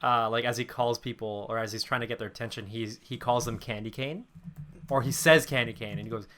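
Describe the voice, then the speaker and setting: A young man co-hosting a casual podcast, chatty and quick to laugh. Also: mid-range voice, fairly even intonation, a bit bright, slight background noise. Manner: chatty, quick to laugh, reads aloud haltingly. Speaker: podcast co-host. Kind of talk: casual chat.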